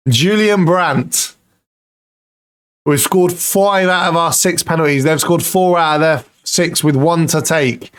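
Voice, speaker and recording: A man commentating his own football management game, excitable and pleading at the screen, swearing now and then. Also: a little high, takes it slowly. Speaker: gaming YouTuber.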